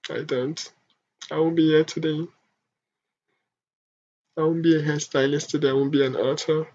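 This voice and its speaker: A young adult vlogger from Africa, speaking in a soft, halting, emotional confessional monologue. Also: mid-range voice, little pitch movement. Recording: dull lo-fi home recording.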